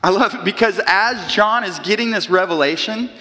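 A man in his early forties preaching a sermon in a conversational, animated way with casual asides. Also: high-pitched, normal speed. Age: 40s. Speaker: pastor. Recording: long hall reverb.

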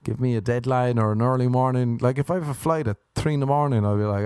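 With a quick pace and a steady, clean, darkish mid-range voice, a young Irish man hosts a podcast by himself, and there's no room sound. His rambling monologue is full of meandering, self-mocking tales.

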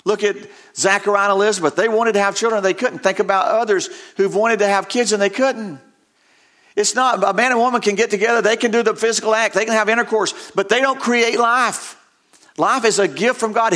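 An older man preaches with a high, bright voice that rings out over the words. He reads scripture with growing intensity and hammers points home by repeating phrases. His delivery is earnest and emphatic from line to line. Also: a little fast. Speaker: pastor. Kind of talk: sermon.

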